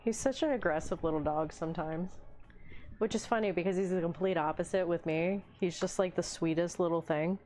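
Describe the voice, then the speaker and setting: A woman's voice: lowish voice, brisk, darkish tone, faint music behind. Chatty woman hosting a hobby stream. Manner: chatty, talks to her pets in a baby voice and answers chat. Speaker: livestream host. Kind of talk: casual chat while painting miniatures.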